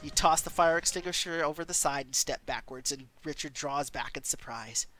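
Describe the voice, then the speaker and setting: A woman's voice: low voice, moderate pace, fairly bright tone, faint music behind. A woman streamer reading an interactive story game aloud, taking viewer votes and exclaiming often.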